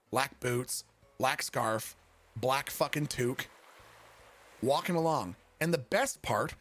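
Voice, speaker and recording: A man's voice: a little high, fairly bright tone. A young man, a streamer, telling a funny story in a casual, profane, self-mocking way.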